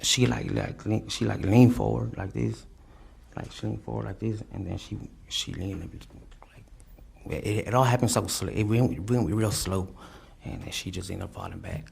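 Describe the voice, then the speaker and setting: A young man testifying in court, halting and repetitive, with many fillers and restarts. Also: fairly low pitch, gravelly, darkish tone, slight background noise. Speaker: defendant testifying.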